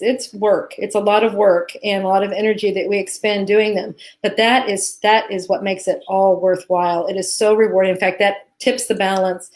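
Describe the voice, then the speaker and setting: A woman co-hosting a live Q&A, talking in an earnest, heartfelt way with many restarts. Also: medium pitch. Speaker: co-host, teacher. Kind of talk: live Q&A chat.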